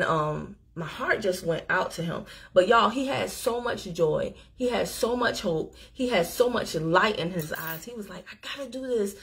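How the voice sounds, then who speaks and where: Chatty woman telling a story on a livestream. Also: a little high. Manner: animated, chatty, talks straight to the audience. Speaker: livestream host. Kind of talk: casual storytelling to viewers. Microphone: phone or webcam on a live stream.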